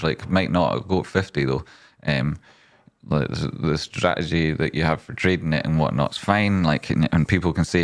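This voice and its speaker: A man hosting a casual stock market livestream, rambling as he talks straight to his viewers. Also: deep voice.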